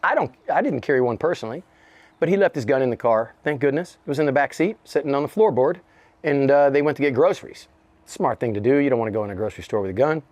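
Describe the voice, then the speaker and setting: Fast-talking and a little mellow, this middle-aged man has a mid-range voice and no room sound. He's a rapper in an interview, laughing and cursing his way through an animated story while mimicking other people's voices.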